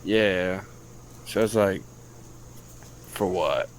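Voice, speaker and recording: A man's voice: low voice, very slow, a little hiss or hum, rough recording. An American man, a podcast co-host and youth football coach, telling a story loosely and profanely in casual chat.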